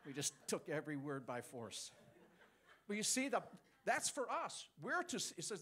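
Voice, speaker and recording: A man's voice: sits high, big pitch swings, moderate pace, pushed and bright, husky. A man preaching a sermon, teaching with call-and-response and chuckles.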